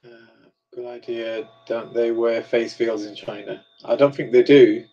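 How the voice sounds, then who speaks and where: A man's voice: medium pitch, fairly even intonation, unhurried, warm tone, muffled recording. A man hosting a live stream, chatting casually and reading viewer comments aloud as he reacts to them. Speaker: livestream host.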